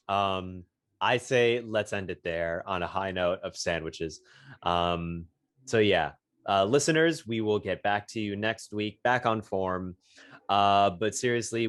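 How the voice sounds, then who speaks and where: A young man co-hosting a podcast in casual chat, animated and jokey, jumping into high squeals. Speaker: podcast co-host.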